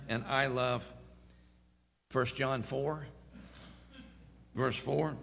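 A man preaching a sermon as pastor, telling stories with slow, emphatic, drawn-out phrasing. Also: fairly high pitch, gravelly, bright, forceful tone. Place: church sanctuary. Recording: long church hall reverb.

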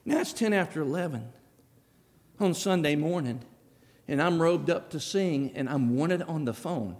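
Folksy storytelling preacher. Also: male voice, on the high side, animated, measured pace, a little mellow. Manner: folksy storytelling, acts out dialogue. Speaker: pastor. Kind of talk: sermon. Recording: long hall reverb.

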